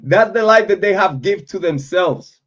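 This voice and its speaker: A man's voice: sits high, animated, normal speed, a bit bright, dull audio. A man in his forties hosting a livestream, casually joking and ranting with a lot of profanity, sounding a little congested. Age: 40s. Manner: boastful, joking, profane rant. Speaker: livestream host.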